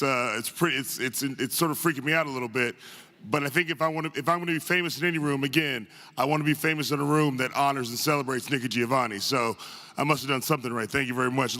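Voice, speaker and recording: A man's voice: mid-range voice, bright, forceful tone. Joking man speaking in a reverberant hall. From northern United States. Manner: joking, self-deprecating, chatty with quick asides. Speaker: guest speaker at a tribute event. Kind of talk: humorous anecdotal speech to a live audience. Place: large arts center auditorium.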